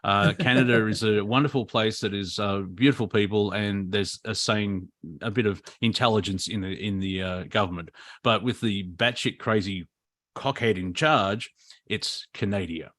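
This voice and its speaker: This is an Australian man co-hosting a casual comedy chat over a video call. His voice sits low and sounds close and dry. He rambles into rants, stopping and restarting with plenty of fillers. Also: fairly even intonation, normal speed, fairly bright tone, no room sound. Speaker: comedy show co-host.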